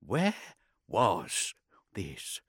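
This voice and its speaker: A solemn old astropath with a quiet, unhurried voice, as a male narrator puts him on. He talks with courtly care, slow and hushed, swooping from low murmurs into higher, strained notes. It is a storybook figure, dry and close. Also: huge pitch swings, husky, no echo, exaggerated voice. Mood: soft, probing. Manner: slow, soft and measured, courtly.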